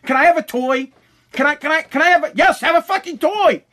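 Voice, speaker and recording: A man's voice: extremely high pitch, fairly quick, bright, forceful tone, pitched above the performer's own voice. A man voicing a young daughter who keeps pleading for a toy, in a repetitive whine. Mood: whining. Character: whiny young girl begging for a toy.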